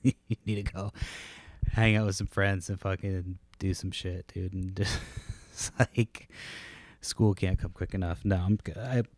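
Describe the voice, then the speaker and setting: A man's voice: sits low, steady tone, unhurried, a little mellow, dry recording. A man in his thirties hosting a casual solo podcast from home, rambling through laid-back, profane stories. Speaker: podcast host.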